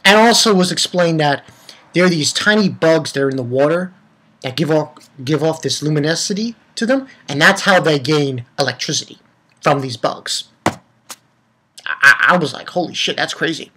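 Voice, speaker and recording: A man's voice: a little high, expressive, moderate pace, pushed and bright, slight background noise. A young man giving a rambling, profane, casual recap of an anime episode, full of restarts. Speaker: anime reviewer.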